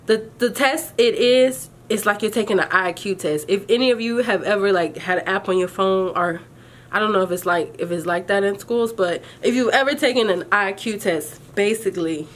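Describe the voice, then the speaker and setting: A young woman vlogging, telling her viewers a story in a chatty, animated, colloquial way and calling them y'all. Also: mid-range voice. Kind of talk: casual storytelling to camera.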